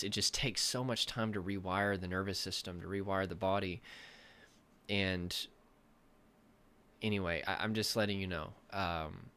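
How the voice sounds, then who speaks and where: Tearful man, low voice. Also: a bit bright. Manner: tearful, heartfelt, halting. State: crying. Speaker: nervous system coach. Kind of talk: emotional to-camera talk.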